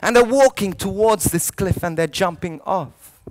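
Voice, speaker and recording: A priest telling a story in a youth sermon, swinging from soft lines to loud ones and often restarting his words. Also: high voice, moderate pace. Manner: animated storyteller, jumping between hushed lines and loud shouted quotes; frequent restarts and repeated words.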